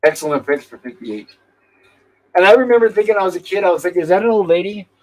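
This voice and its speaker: Hosting a live-stream movie review panel, a man talks casually and retells the plot by quoting characters' lines. His voice sits high and sounds animated and fast, with conversational restarts, though the audio quality is poor.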